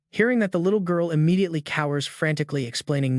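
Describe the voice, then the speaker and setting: A man giving a scripted story recap in an even, steady reading, voicing the dialogue quotes in the same plain tone. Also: on the high side, fast, dry recording, clean studio sound. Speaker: recap narrator.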